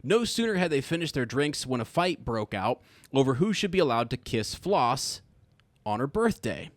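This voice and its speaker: A man's voice: mid-range voice, very animated, normal speed, no echo. A man co-hosting a casual podcast chat, reading jokes aloud, laughing often and stumbling over words. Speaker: podcast co-host.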